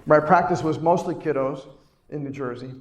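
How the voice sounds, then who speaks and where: A man's voice: fairly high pitch, normal speed. Emphatic man speaking in an echoey hall. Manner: emphatic, repeats key lines, questions the audience. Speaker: chiropractor giving a keynote talk. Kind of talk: inspirational conference speech. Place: conference hall, live before an audience.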